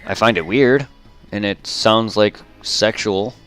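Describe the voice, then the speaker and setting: A man's voice: fairly low pitch, slow pace, a bit bright, clear, resonant tone, faint music behind. Rambling male game streamer. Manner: rambling, repeats himself, laughs often. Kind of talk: casual chat while gaming.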